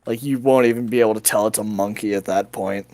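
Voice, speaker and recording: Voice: mid-range voice, fairly even intonation, fast, darkish tone, dry recording. Rambling tabletop player. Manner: rambling, laughing. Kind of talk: tabletop game chat.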